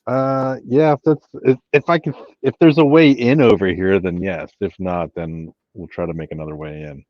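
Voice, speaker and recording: A man playing a character in an online tabletop game, hesitant and thinking out loud. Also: low-pitched, steady tone, moderate pace, no room sound, highs cut off. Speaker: player. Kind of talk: casual tabletop play over a call. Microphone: online voice call.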